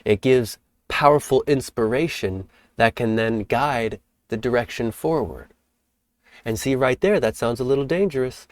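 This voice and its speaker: A man hosting a spiritual teaching talk, speaking in a calm, reflective way and sometimes acting out playful examples. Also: mid-range voice, moderate pace, dry recording. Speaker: host.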